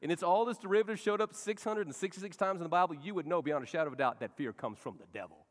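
A male pastor preaching a sermon, swinging from loud rallying shouts to hushed, soft pleading. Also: sits high, very fast, big-room sound. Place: church sanctuary.

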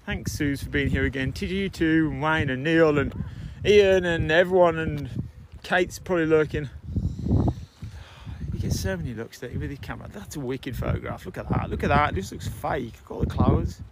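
A man's voice: a little high, fairly quick, gravelly, noisy background. A man hosting a casual livestream outdoors, chatting and greeting viewers by name. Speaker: livestream host. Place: outdoors in sunshine.

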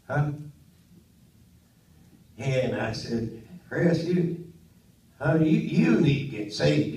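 An older man preaching a Pentecostal sermon in a church, swinging from quiet storytelling up to loud, high-pitched shouting. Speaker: pastor. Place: church sanctuary. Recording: roomy church audio from a distant mic.

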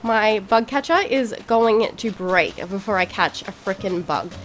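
A young woman giving casual let's-play commentary, chatty and excitable, cheerfully swearing at the game. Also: mid-range voice, measured pace, music in the background. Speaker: gaming video creator.

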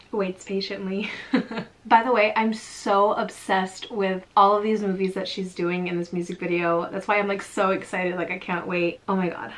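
A young woman vlogger talking casually as she reacts, gushing and excitable, sometimes breaking into laughing shrieks. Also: medium pitch, takes it slowly, long pauses, soft background music.

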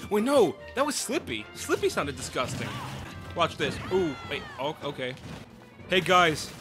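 A man giving excitable, chatty let's play commentary, breaking into sudden outbursts and restarting his sentences. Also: on the high side, moderate pace. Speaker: gaming YouTuber. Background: game music.

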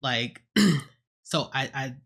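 A man's voice: medium pitch, level tone, extremely slow, bright, forceful tone. A man giving a casual spoken movie review at home on a close mic, retelling scenes with jokes, swearing and acted-out quotes. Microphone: own desk mic, close.

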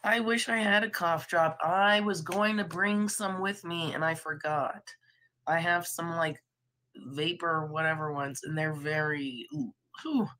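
A woman live streaming with a hoarse voice from being sick, rambling casually, laughing and swearing now and then. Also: fairly low pitch, fairly even intonation, measured pace, fairly bright tone, poor audio. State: hoarse from illness.

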